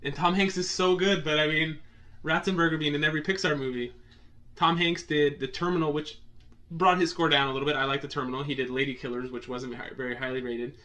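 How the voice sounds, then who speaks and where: A man's voice: fairly high pitch, fairly even intonation, fast talker, sharp tone. A man co-hosting a casual movie podcast, picking sides with friends and laughing often. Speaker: podcast co-host. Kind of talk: casual chat.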